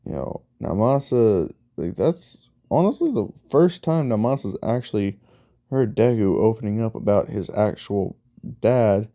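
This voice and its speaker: A man with a very dark, mellow voice and a low pitch tells a fan story. He drawls slowly and rambles, padding his telling with fillers. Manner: rambling, filler-heavy retelling. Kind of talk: casual fan-story narration.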